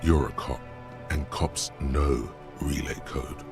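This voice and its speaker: A man delivering measured, commanding scripted narration for a video game. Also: extremely low pitch, over music, full character voice.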